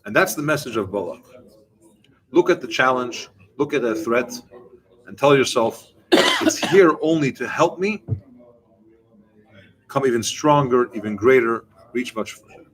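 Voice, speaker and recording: A man teaching a Torah lesson with an animated style, asking questions and answering them himself. His voice sits in the middle range. He speaks directly to his listeners. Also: mid-range voice, normal speed, rough recording. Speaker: rabbi. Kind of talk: Torah class talk.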